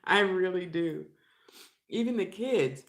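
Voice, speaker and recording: A woman's voice: on the low side, lively intonation, slow pace. An older woman chatting frankly into her vlog while she eats, laughing often. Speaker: vlogger. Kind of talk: casual chat while eating.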